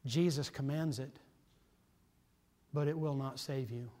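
A man preaching a sermon, earnest and urgent, swinging between loud emphasis and hushed, quiet lines. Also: medium pitch, steady tone, a little slow, in a large hall.

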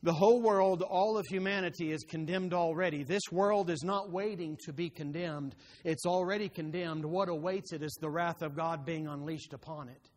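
A man's voice: fairly high pitch, normal speed, few pauses. A man preaching a sermon, quoting scripture by chapter and verse and building to impassioned, emphatic pleading.

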